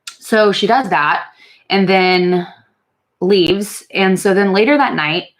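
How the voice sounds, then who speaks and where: A woman's voice: medium pitch, slow pace. A young woman telling a story in a casual get-ready-with-me vlog, frank and exasperated, swearing freely with many fillers. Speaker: beauty vlogger. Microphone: camera mic while doing makeup.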